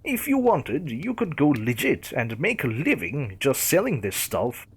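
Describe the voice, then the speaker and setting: A man's voice: mid-range voice, huge pitch swings, unhurried, breathy edge, exaggerated voice. A man voicing a wistful, apologetic Irish body dealer with an Irish accent.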